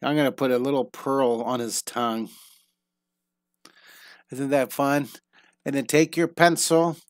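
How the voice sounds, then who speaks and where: A man's voice: medium pitch, steady tone, a little slow, no room sound. A middle-aged man teaching a live online drawing lesson, upbeat and encouraging, thinking aloud with frequent restarts.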